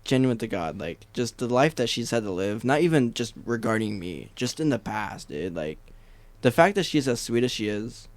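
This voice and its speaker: A young man co-hosting a casual podcast, animated and laughing often, acting out quotes in high voices. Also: moderate pace, dry recording. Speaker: podcast co-host. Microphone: podcast mic.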